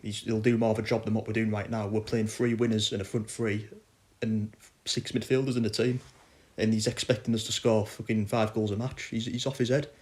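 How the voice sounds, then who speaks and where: A man's voice: fairly low pitch, little pitch movement, fairly quick, darkish tone. Frustrated man ranting. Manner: frustrated, blunt, swears. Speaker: football fan podcaster. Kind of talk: casual ranting chat.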